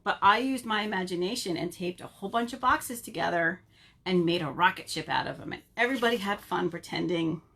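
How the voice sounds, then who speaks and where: A woman working as a children's librarian, reading a picture book aloud in an animated, sing-song way and asking the children questions, recorded at home. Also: fairly low pitch, brisk, gravelly, husky. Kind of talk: storytime read-aloud for children.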